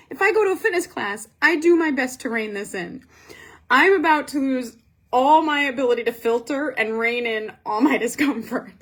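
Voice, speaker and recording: A woman telling a casual story as a host, animated and self-mocking, with frequent fillers. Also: a little high, slightly rough. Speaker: Pilates instructor and podcast host.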